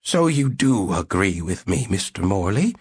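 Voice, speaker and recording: A man's voice: sits low, very animated, measured pace, slightly rough, dry recording, exaggerated voice. A man voicing a frail, gushing elderly woman sociologist in an audiobook reading.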